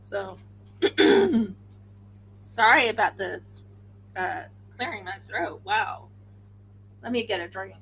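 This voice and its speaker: Slow-talking, bright-voiced tired woman. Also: medium pitch, creaky, slight background noise, poor audio. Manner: chatty, excitable, talks to herself as she works. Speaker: crafting livestream host. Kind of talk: casual chat while crafting.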